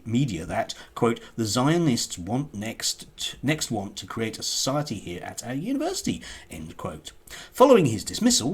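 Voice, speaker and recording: A man's voice: lowish voice, husky. A man commenting casually on a news article he reads aloud, with sarcastic asides and many hesitant fillers and restarts.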